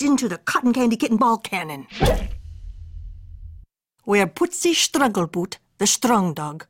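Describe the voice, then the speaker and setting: A woman's voice: on the high side, expressive, unhurried, pauses often, noisy background. A woman reading a children's picture book aloud in a playful, sing-song way, sprinkling in Spanish words. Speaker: storybook reader.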